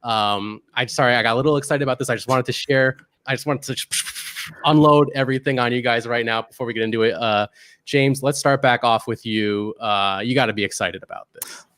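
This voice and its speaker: A man's voice: mid-range voice, brisk, a bit bright, no echo. A man hosting a casual science news show, reading from articles with many fillers and restarts. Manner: hesitant, many fillers, reads out article text. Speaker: podcast host.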